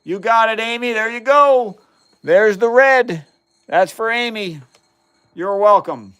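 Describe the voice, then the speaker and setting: An enthusiastic man in his fifties with a slightly higher voice chats casually on a livestream. He explains acids and bases in plain words and reads out viewers' questions as he goes. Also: slow, fairly bright tone, clean tone. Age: 50s. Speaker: chemistry livestream host. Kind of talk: casual live-stream chat while doing experiments.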